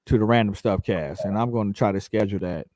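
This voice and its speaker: A man's voice: on the low side, fast talker, dry recording, clean studio sound. Casual slangy man co-hosting a podcast. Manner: casual, slangy, gives loose shout-outs. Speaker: podcast co-host.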